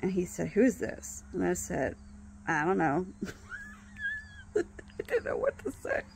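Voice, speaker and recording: A woman telling a personal story in a casual, halting way, with many pauses and restarts. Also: mid-range voice, huge pitch swings, gravelly. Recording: faint background noise.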